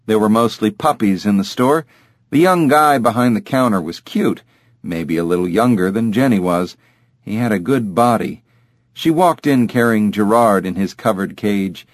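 A man reading scripted audiobook narration in a measured, even way. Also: on the low side, no echo.

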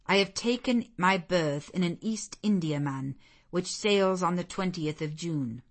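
A woman reading the part of a stern, zealous male missionary clergyman in a deep, relentless, commanding manner. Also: unhurried. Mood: resolute. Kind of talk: audiobook character voice.

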